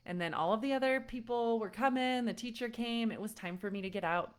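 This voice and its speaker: Woman parenting coach, smooth clear voice, storytelling to a live audience. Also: fairly high pitch, brisk. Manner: warm-up roll call, then storytelling with acted-out quotes. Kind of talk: live webinar teaching.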